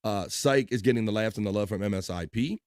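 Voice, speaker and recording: A man's voice: on the low side, fast, darkish tone, no room sound. A man hosting a casual livestream, reading out chat messages and joking around loosely. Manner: reads chat messages aloud in bursts of voices, laughs and jokes loosely. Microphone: desk microphone.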